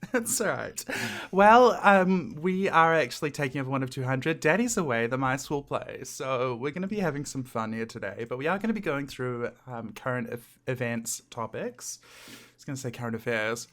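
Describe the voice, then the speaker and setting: A man's voice: mid-range voice, lively intonation, a bit bright. A man co-hosting a podcast, chatting casually and joking between questions. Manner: joking, laughs often, quick bursts. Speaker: podcast co-host. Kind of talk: casual comedic chat.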